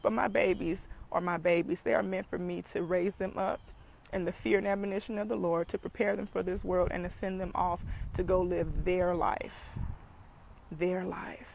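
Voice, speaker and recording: Gravelly-voiced woman coach. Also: fairly low pitch, steady tone, moderate pace, darkish tone, slight background noise, poor audio. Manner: emphatic, preachy, repeats for emphasis. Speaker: dating coach and speaker. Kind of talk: motivational talk.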